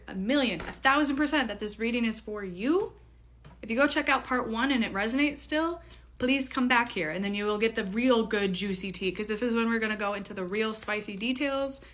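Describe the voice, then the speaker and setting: A woman's voice: fairly high pitch, fairly bright tone. A woman giving a casual, chatty tarot reading to her viewers, full of fillers and playful asides. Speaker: tarot reader.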